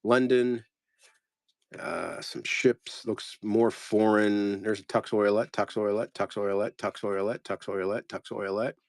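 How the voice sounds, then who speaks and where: Slow-talking low-voiced man sorting postcards. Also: steady tone, no echo, studio quality. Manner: unhurried, muttering place names, trailing off. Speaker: postcard reseller. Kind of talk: casual commentary sorting postcard lots.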